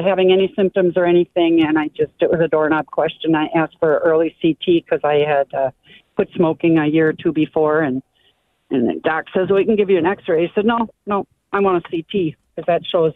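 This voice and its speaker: A woman in her sixties calling in to a radio show, telling her story in an emotional, rambling, halting way over the phone. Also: fairly low pitch, no room sound. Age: 60s. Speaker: caller. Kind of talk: call-in testimony. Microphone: telephone. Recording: tinny phone line.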